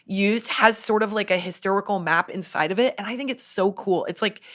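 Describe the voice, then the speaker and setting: A woman's voice: medium pitch, fairly quick, fairly bright tone. Woman, podcast host, casual chat at a studio mic, rambling and self-deprecating. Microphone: studio microphone.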